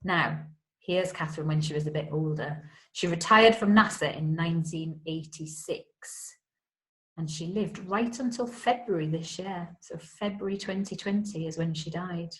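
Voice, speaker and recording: Casting note: woman, slightly low voice, patient primary teacher explaining history to kids. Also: moderate pace, rough recording. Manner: friendly, explains terms simply for children. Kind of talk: home-school history lesson for children.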